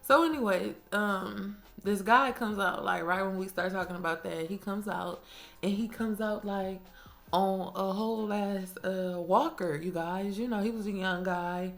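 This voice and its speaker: A young woman telling a casual storytime on her own mic, animated and slangy, swearing freely and laughing often. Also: mid-range voice, unhurried, gravelly. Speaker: storytime vlogger. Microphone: own microphone.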